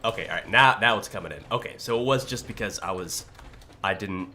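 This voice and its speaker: A young man streaming a video game in a relaxed, rambling way, with a groggy morning voice, often clearing his throat. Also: lowish voice, brisk, soft background music. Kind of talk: casual live-stream chat.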